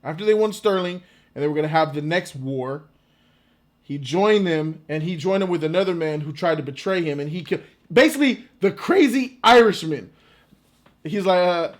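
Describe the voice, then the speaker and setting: A man giving a casual, rambling reaction to a movie trailer, excitable and quick to laugh. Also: on the high side.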